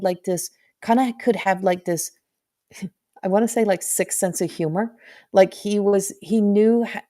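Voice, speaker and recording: A woman's voice: medium pitch, a little mellow. A middle-aged woman speaks as a medium in a live reading, her voice in an ordinary middle range. She gropes for words, restarts sentences and fills gaps with "like" as she passes on what she senses. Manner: halting, searching, full of restarts and "like". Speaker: intuitive medium.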